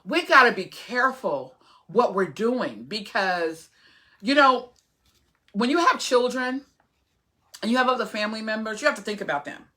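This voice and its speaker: Bright-sounding woman in her 40s just chatting to her followers, lots of ums and restarts, pretty opinionated. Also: a little high, expressive, moderate pace, long pauses. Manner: chatty, rambling with many fillers and restarts; earnest, opinionated. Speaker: vlogger. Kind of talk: casual vlog talk to camera.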